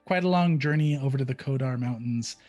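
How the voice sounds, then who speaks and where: A man's voice: medium pitch, a little fast, darkish tone, no echo, highs cut off, faint music behind. A man narrating as game master of a tabletop game in a casual way, with many fillers.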